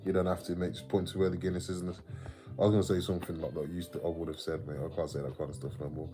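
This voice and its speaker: Low-voiced Midlands man chatting on stream. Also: little pitch movement, racing, warm tone, faint music behind. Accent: English Midlands. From English Midlands. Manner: chatty and rambling, sweary, laughs often, reads out viewer comments. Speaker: livestream host. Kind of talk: casual livestream chat.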